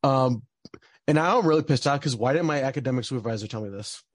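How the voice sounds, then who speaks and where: With a mid-range voice and a quick pace, a young man recounts something personal in a loose, filler-heavy ramble. He gets worked up and swears in bursts of frustration, and the recording has no echo.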